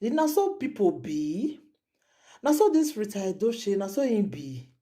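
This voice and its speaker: A woman's voice: mid-range voice, big pitch swings, normal speed, mellow. A woman vlogger with a Nigerian Pidgin accent, giving emotional commentary with repeated exclamations and indignant questions.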